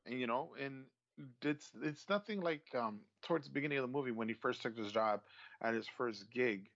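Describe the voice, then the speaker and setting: A man's voice: mid-range voice, fairly quick, vocal fry, a bit bright, dry recording, highs cut off. A man in casual chat about a movie he watched, often repeating words and restarting his sentences. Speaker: movie discussion co-host.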